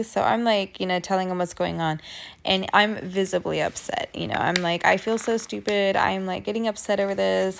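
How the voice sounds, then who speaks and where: A woman's voice: fairly low pitch, vocal fry. A woman in her thirties telling a chatty story as a voice-over for a nail art video, full of "like" and "you know". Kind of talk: storytime voice-over while doing nails.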